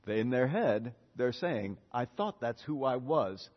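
A man preaching a lively sermon, retelling a Bible story in casual speech and acting out the characters' lines. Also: medium pitch, measured pace, big-room sound, lo-fi sound. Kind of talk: lively sermon with acted-out dialogue.

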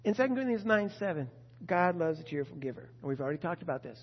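A man preaching a sermon, swinging between loud emphasis and quiet asides. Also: fairly high pitch, big pitch swings, fast. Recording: dull audio with long hall reverb.

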